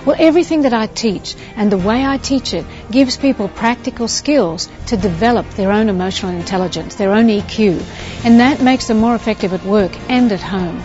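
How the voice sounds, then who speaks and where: A motivational speaker describing her approach in a steady, persuasive promotional talk. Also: mid-range voice, brisk, hardly any pauses, dull audio, faint music behind.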